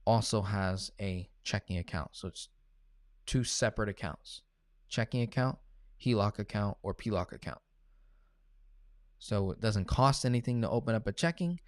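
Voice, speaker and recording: A man coaching viewers on money, answering live questions in a blunt, animated way and acting out both sides of his stories. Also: fairly low pitch, no room sound, studio quality. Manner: blunt, animated storytelling, acts out callers and himself. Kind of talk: casual live Q&A.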